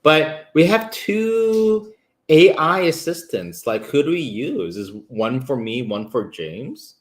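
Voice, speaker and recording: Chatty man with a lively voice. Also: fairly high pitch, slow pace. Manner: chatty, reads viewer comments aloud, trails off with fillers. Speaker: live stream co-host. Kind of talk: casual live stream chat. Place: home kitchen while cooking.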